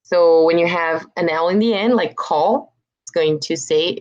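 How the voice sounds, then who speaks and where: A woman's voice: on the low side, a little slow, highs cut off. A young adult woman from Brazil with a Brazilian Portuguese accent, giving an online English pronunciation lesson and patiently repeating words for practice. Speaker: English teacher.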